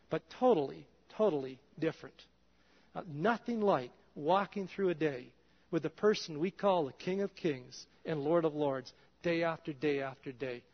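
Man, pastor, high voice, conversational sermon, dull muffled sound. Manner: conversational, drops soft and low in quoted prayers. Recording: dull reverberant hall sound.

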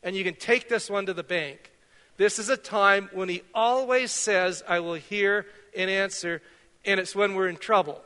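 The long reverb of a church hall carries the sharp, high-sitting voice of a middle-aged man from Canada. Preaching as pastor in the sanctuary, he keeps his sermon conversational and self-deprecating, threading anecdotes throughout.

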